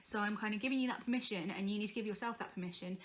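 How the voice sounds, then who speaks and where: A woman's voice: mid-range voice, rapid-fire, fairly bright tone. A young woman coaching singing in a chatty, encouraging way, breaking into vocal demonstrations. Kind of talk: informal singing tutorial.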